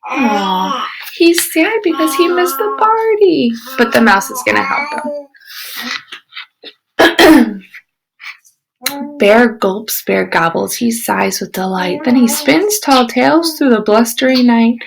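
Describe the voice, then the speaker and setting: Slow, gravelly-voiced woman reading to kids. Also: on the high side, a crowd in the background, poor audio. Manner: expressive, with whispered asides. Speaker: teacher. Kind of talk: reading a picture book aloud to children.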